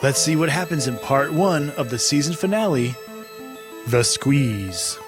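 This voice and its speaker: A man's voice: mid-range voice, lively intonation, unhurried, over music. Man narrating a children's story podcast. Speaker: host and narrator.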